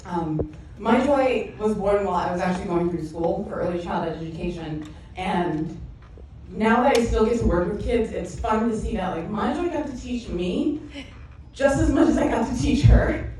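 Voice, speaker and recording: Mid-pitched woman, proud emphatic toast, distant mic, reverberant hall. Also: darkish tone. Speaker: early childhood educator. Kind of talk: heartfelt party toast. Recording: echoey hall, far mic, noise.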